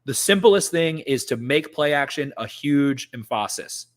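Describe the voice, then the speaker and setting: Speaking at an unhurried pace, a young male co-host of a sports podcast uses an animated, medium-pitched voice. He drives home his casual sports talk by ranting emphatically and repeating himself for effect.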